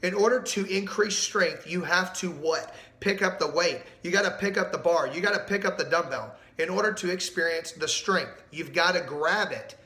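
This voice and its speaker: A man's voice: sits high, moderate pace, hardly any pauses, roomy sound. Emphatic man preaching a sermon. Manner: animated, emphatic, asks the audience questions. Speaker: pastor.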